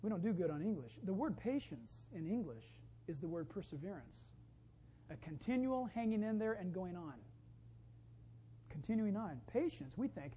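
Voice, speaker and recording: A woman pastor delivering a sermon, emphatic and building to loud exclamations. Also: on the low side, big pitch swings, moderate pace, slight background noise, rough recording.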